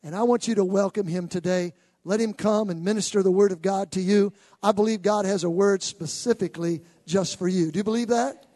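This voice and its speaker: A man's voice: sits high, fairly even intonation, a little fast, warm tone, no echo, clean studio sound. A man as host pastor introducing a guest preacher, rousing and urging the congregation. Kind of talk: sermon introduction.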